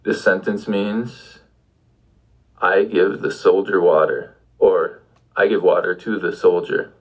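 A man's voice: low voice, steady tone, takes it slowly, slightly rough, poor audio. A man giving an audio language lesson, patiently prompting the listener with questions. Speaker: language teacher.

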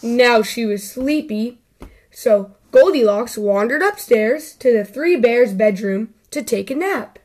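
Slow, high-voiced woman reading to kids. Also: animated, darkish tone. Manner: slow, deliberate storytelling. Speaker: host. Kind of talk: reading a children's story.

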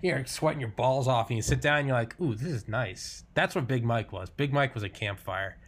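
A man's voice: medium pitch, brisk. A man hosting a podcast, talking in a loose, casual way and swearing freely. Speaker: podcast host. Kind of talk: casual conversation.

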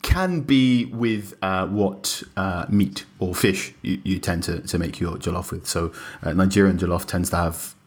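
A man reporting on the line for a sports show, explaining in a measured way with frequent pauses. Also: low-pitched. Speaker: correspondent on the line. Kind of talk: explaining in a conversational interview.

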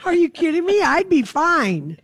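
A woman's voice: extremely high pitch, sing-song, normal speed, fairly bright tone, no echo. A woman co-hosting a casual talk show, chatting frankly and joking with her co-host. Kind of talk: casual chat.

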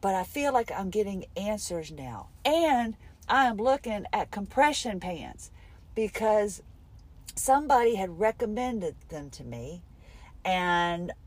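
A woman's voice: medium pitch, darkish tone. A middle-aged woman recording a candid, rambling spoken diary for her podcast from her car between appointments. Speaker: podcast host.

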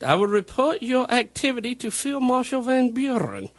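A man playing a strict Santa with a thick German accent, very high and lively, mock-military orders. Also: normal speed. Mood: commanding. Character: stern, bossy male Santa Claus with a put-on German accent. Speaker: radio show host. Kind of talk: comedy radio bit.

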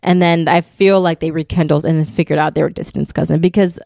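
Woman with a low gravelly voice. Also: steady tone, fast, darkish tone, no echo, clean studio sound. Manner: laughs often, reads then comments. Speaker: podcast co-host reading stories. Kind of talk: casual chat, reading listener stories aloud.

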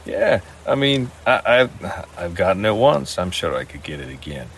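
A man playing a tabletop game, making a smooth deal in casual chat. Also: low-pitched, sing-song, normal speed, fairly bright tone, a little hiss or hum. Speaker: player.

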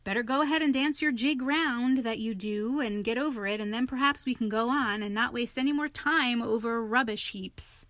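A woman's voice: a little high, moderate pace, hardly any pauses, fairly bright tone, no echo, natural voice. A woman voicing a timid, stubborn male mole who complains and grumbles in a pettish way.

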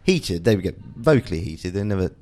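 A middle-aged man with a very low, deep voice talks candidly as a guest. He thinks aloud, circling back and restarting phrases as he searches for the right words. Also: very animated, a little fast, warm tone. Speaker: guest, father and TV writer. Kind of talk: candid conversational interview.

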